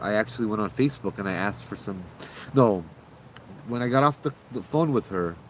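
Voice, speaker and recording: Brief: low-pitched man, host, rambling casual ghost-story telling, faint background noise. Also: rough recording. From Hawaii. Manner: rambling, with many restarts.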